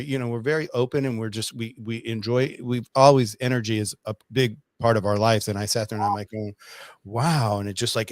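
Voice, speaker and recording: A man tells a long family story in a loose, rambling way, restarting his sentences and acting out the voices of the people in it. His voice sits at an ordinary pitch for a man. The sound is dry and close, with no room echo. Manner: rambling, animated, with many restarts. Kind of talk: casual storytelling.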